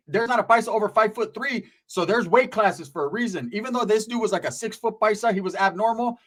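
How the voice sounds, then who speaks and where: A man casually telling a profane, streetwise prison story, slipping into quick impressions of the people in it. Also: high-pitched, a bit bright.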